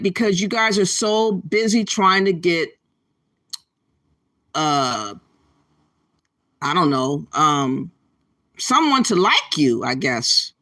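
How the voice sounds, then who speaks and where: A woman's voice: medium pitch, sharp tone. A woman hosting a commentary channel, talking bluntly and scolding her listeners, stretching words for emphasis. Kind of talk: opinionated commentary.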